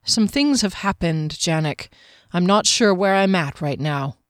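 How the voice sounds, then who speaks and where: A woman's voice: on the low side, animated, unhurried, no room sound, clean studio sound. A woman voicing a tired, short-tempered male captain who answers curtly. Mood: weary. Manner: tired and curt.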